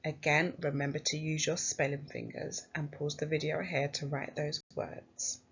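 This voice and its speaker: A woman teacher with an English accent leads a phonics lesson for young children, slowly sounding out letters and praising them in an encouraging, sing-song way. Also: sits low, little pitch movement, husky, lo-fi sound. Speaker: primary school teacher.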